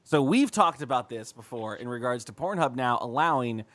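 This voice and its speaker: A man's voice: medium pitch, animated, normal speed, a bit bright, no room sound. A man co-hosting a casual comedy podcast, rambling, swearing and acting out little bits. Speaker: podcast co-host.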